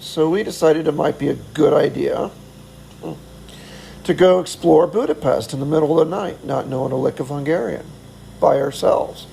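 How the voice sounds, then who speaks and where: A man's voice: fairly high pitch, moderate pace, vocal fry, mellow, a little hiss or hum, low-quality recording. A middle-aged man telling a travel story in a casual, rambling way, chuckling often and poking fun at himself. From United States. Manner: chuckling, self-deprecating, rambling. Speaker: vlogger.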